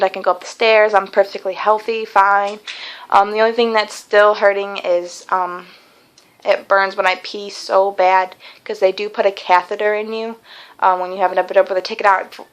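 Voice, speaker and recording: A woman's voice: mid-range voice, flat delivery, normal speed, a bit bright, rough recording. A young woman telling a long personal story in a casual vlog, chatty and rambling, with many fillers and restarts. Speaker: vlogger.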